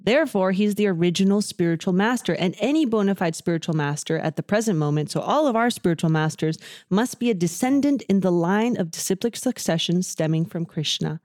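A woman in casual discussion of scripture, speaking in a reflective, drawn-out way. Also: on the low side, animated, darkish tone, no room sound, studio quality.

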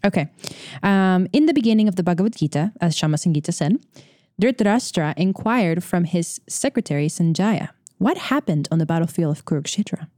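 A woman in a casual scripture study chat who talks haltingly and fills her sentences with "like" and "you know.". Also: lowish voice, lively intonation, warm tone, no room sound, clean studio sound. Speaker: discussion group member.

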